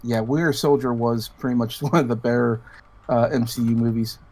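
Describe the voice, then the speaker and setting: A man's voice: mid-range voice, steady tone, a little fast, a little mellow. A man co-hosting a casual podcast chat, giving laid-back opinions with some hesitation. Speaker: podcast co-host.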